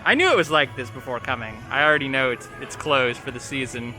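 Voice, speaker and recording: A man's voice: mid-range voice, animated, brisk, hardly any pauses, over music. A man chatting casually as a vlogger, outdoors at an amusement park, upbeat and wry. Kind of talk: casual vlog commentary.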